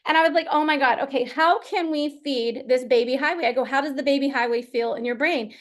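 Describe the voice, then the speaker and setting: A woman performance coach telling a story in a chatty, animated way during a live question-and-answer session. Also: high-pitched, a little fast.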